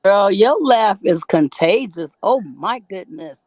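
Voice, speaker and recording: A woman's voice: mid-range voice, expressive, a little slow, dry recording. A woman co-hosting a talk show on a video call, chatting in an effusive, enthusiastic way. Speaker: co-host. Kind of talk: casual chat.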